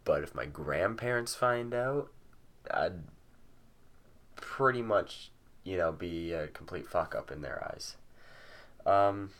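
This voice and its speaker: Deep-voiced teenage guy, casual vlog storyteller, rambly and sweary, lots of fillers. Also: lively intonation, slow pace, pauses often, fairly bright tone. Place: at home with a cat nearby.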